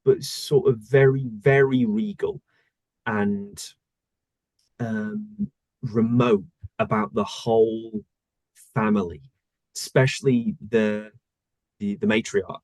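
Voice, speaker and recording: A male voice actor talking casually in an interview, thoughtful and searching for words with many pauses. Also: fairly low pitch, steady tone, a little mellow, no echo. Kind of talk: casual conversation.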